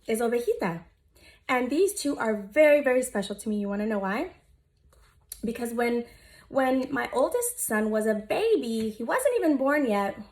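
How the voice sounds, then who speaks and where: Female teacher, 30s, storybook read-aloud, gentle and animated, fairly high voice. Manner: expressive, gentle, speaks directly to listening children.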